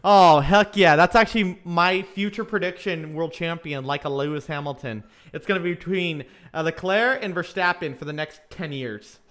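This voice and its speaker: Casting note: chatty young man, fairly high voice, casual live race commentary as a fan. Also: normal speed, few pauses, sharp tone. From Southern California. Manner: chatty fan, reads out viewer comments, many fillers.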